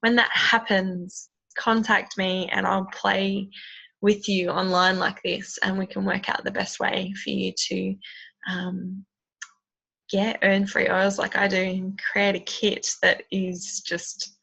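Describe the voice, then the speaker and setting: A woman's voice: medium pitch, level tone, takes it slowly, creaky, pushed and bright, breathy edge. A woman, chatting enthusiastically and rambling with many ums in a casual tutorial. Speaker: essential oils seller. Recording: dull lo-fi sound.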